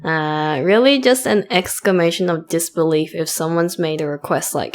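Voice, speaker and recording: A woman's voice: low voice, animated. A woman co-hosting a podcast, chatting casually and laughing often. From Australia. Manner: giggly, quick to laugh. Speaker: podcast co-host. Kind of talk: casual chat.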